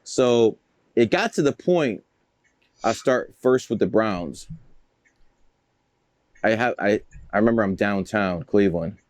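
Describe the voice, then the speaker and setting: Profane, boastful low-voiced man. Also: slow pace, long pauses, no room sound. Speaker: guest, numerologist. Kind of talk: casual storytelling interview.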